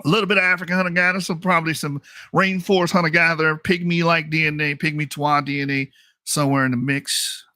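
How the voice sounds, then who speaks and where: A man's voice: fairly high pitch, level tone, quick pace, pushed and bright, dry recording, clean studio sound. A man hosting a channel, giving blunt, mocking and profane commentary as he reacts to results on screen. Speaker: channel host.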